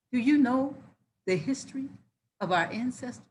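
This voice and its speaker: A woman reading scripture aloud and preaching on it with excitable energy that often rises into hollering. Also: on the high side, normal speed, long pauses. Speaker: Bible teacher.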